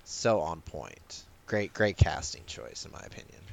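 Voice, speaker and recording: A man co-hosting a podcast in casual chat, animated, laughing and often restarting his sentences. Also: low voice, a little slow, gravelly. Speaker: podcast co-host.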